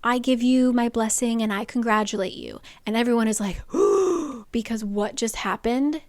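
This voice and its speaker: A young woman casually recapping a novel's plot, chatty and playful, dropping into quick quoted voices for the characters. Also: a little high, steady tone, no echo. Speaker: book reviewer.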